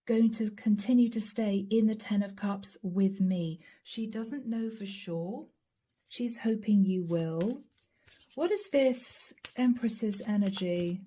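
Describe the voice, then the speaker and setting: A woman giving a channeled tarot reading. She speaks intimately and repetitively, addressing the listener directly and sometimes dropping to a soft whisper. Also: medium pitch. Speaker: tarot reader.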